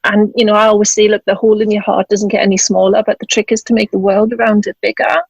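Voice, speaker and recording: Fast, creaky and husky, with little pitch movement in her mid-range voice, this guest tells a personal story on an interview podcast and plays out the dialogue. She is a German author and widowed mother speaking casually at her home in Scotland; the recording is dry and the audio poor.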